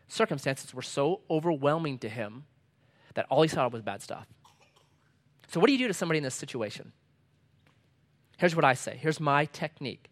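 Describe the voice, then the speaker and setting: A middle-aged pastor delivers a sermon in a slightly higher-pitched man's voice. He punches out short lines with force, then drops low and soft for asides. Scripture he reads slowly and with weight. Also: very animated. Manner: emphatic, swings between loud punchy lines and quiet low asides.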